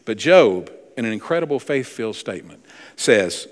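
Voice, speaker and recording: A man's voice: mid-range voice, lively intonation, normal speed. A man preaching a sermon, reading scripture aloud, earnest and swelling in volume for emphasis. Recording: long hall reverb in a church.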